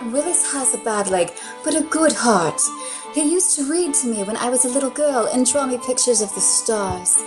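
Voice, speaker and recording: A woman voicing a gentle, eager young noblewoman who coaxes and reassures, with music underneath. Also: on the high side, lively intonation, normal speed, close to an everyday voice. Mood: coaxing. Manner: gentle, coaxing.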